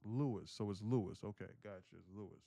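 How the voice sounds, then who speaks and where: A man's voice: fairly low pitch, a little fast, gravelly, dark tone, no echo, faint music behind. A man hosting a live trading stream, chatting casually and teasing viewers between market calls. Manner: joking, teasing chat with viewers. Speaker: livestream day trader host.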